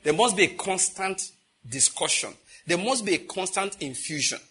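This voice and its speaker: A middle-aged man, preaching a sermon with lively rhetorical questions. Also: high-pitched, moderate pace, breathy edge. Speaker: pastor.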